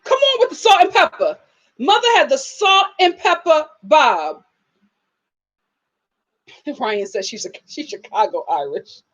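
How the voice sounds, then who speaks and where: A young woman hosts a casual live stream. Her high voice swings widely in pitch, and she laughs often and acts out quotes with big, playful voices. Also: very animated, unhurried, long pauses, a bit bright, lo-fi sound. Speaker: host of a live TV review stream. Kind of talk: casual live-stream commentary reading chat.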